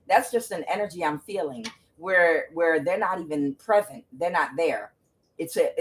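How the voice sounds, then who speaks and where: A woman giving a casual tarot reading to camera, emphatic and exclaiming, talking straight to her viewers. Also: fairly low pitch. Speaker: tarot reader.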